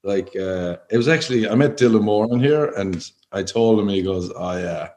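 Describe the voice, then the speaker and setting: Irish male comic, low voice, stammering storyteller, drops into flat low impressions of others. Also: fairly quick. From Ireland. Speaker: stand-up comedian. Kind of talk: casual chat.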